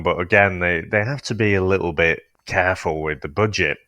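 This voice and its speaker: A man's voice: medium pitch, dry recording. A man co-hosting a podcast, recapping a film's plot in casual chat and laughing often. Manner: laughs often, animated storytelling. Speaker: podcast co-host. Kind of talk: casual film review chat.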